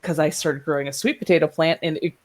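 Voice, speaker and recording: A woman's voice: low-pitched, fairly even intonation, fast talker, darkish tone. A woman co-hosting a casual chat, telling a story animatedly, acting out voices and laughing often, heard over a video call. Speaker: podcast co-host.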